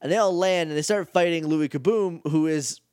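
A man's voice: on the high side, a little fast, darkish tone, smooth, dry recording, clean studio sound. A man co-hosting a casual podcast, recapping an episode in a chatty, jokey way and acting out lines. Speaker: podcast co-host.

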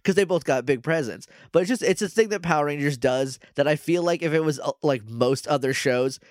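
A man co-hosting a podcast, casually recapping a TV episode, rambling and quoting characters in quick bits. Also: a little high, no echo, studio quality. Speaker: podcast co-host.

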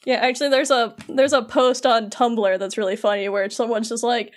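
A woman co-hosting a podcast, retelling a video game's story in casual chat, animated and quoting characters in playful voices. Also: on the high side, brisk. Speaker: podcast co-host.

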